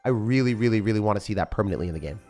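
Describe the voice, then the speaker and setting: A man with a rough morning voice giving casual live commentary on a game he is playing, chatting and reading viewer comments aloud. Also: lowish voice, animated, racing, dark tone, faint music behind. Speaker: game streamer.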